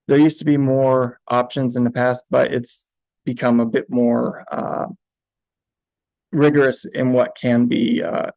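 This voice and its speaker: A man presenting a lesson in a steady, flat voice with a gravelly edge, pausing often on ums and uhs. The sound is dry and dull, like a lo-fi recording. He walks his listeners through best practices step by step. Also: medium pitch, dry recording. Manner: hesitant, many ums and uhs. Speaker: information manager.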